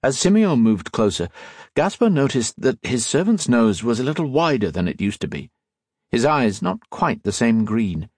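A man narrating an audiobook in a measured, steady storytelling manner, close to the mic. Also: lowish voice, husky, no room sound. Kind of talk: scripted narration.

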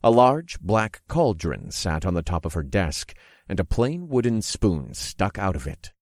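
A man narrates a story in the first person with calm, detailed description. His voice is very low and even. The recording is close and dry, with no echo. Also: unhurried.

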